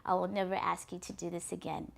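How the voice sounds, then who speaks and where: A woman's voice: on the low side, flat delivery, fast, vocal fry. A woman voicing a frightened husband who begs and stammers in a folktale. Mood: pleading. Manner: begging, stammering. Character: frightened pleading husband, grown man.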